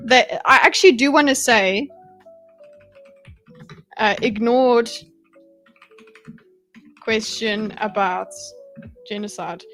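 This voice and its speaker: A woman's voice: a little high, slow, pauses often, fairly bright tone, soft background music, poor audio. A woman hosting a livestream, giving rambling, sarcastic reaction commentary and chatting with viewers. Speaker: livestream host.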